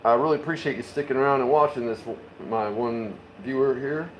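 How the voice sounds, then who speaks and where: A man's voice: mid-range voice, a little fast, reverberant, lo-fi sound, a little hiss or hum. A man live-streaming his home beer brewing, chatting casually, rambling and swearing as he works in his kitchen. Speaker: homebrewing streamer.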